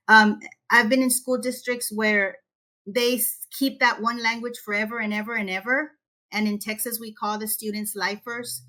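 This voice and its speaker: A woman guest educator giving an energetic, animated webinar presentation. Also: mid-range voice. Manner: energetic, animated teacher talk. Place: Texas.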